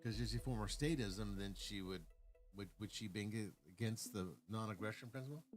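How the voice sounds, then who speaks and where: A man's voice: fairly low pitch, normal speed, faint music behind. A man on a livestream giving an argumentative political rant, reading comments aloud and rebutting them point by point with frequent restarts. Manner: stumbling restarts, lecturing tone.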